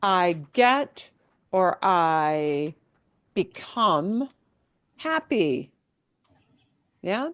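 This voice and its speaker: Slow, lively-pitched woman teacher. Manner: patient, explains with examples and frequent check-ins. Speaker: Spanish teacher. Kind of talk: class lesson.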